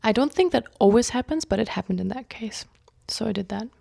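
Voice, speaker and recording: Chatty young woman with vocal fry. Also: on the high side, animated, a little fast. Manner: chatty, fills speech with "like"; acts out quoted speech, shifting between loud bursts and whispers. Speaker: vlogger. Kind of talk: casual personal storytelling.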